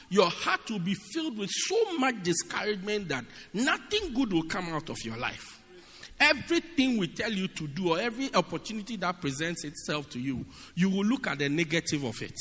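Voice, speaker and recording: A man preaching a sermon in an animated, humorous way, often asking his listeners if they get it. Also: sits high, breathy edge. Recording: long reverb of a large hall.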